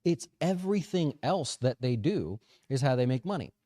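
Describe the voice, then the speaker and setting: A man talks through the markets in a loose, chatty way, his pitch swinging up and down as he goes. His voice sits mellow and dark. The sound is dry and close, with no room around it. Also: normal speed, no room sound. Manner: chatty, animated, says "right?" often. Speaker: financial advisor show host. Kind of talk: casual market commentary.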